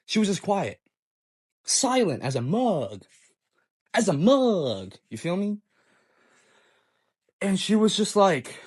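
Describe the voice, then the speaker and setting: A young man relates a personal story in a loose, profane storytime monologue. His pitch swings widely as he gets excited, and he often stumbles into repeated restarts. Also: takes it slowly, pauses often, breathy edge.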